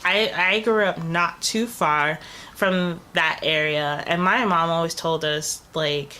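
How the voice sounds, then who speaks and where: A woman's voice: fairly low pitch, steady tone, takes it slowly, pushed and bright. A young woman vlogging about travel, getting over a cold, chatting and rambling with lots of fillers. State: recovering from a cold, coughing. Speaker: travel vlogger, channel co-host. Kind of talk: casual storytelling to camera. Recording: faint background noise.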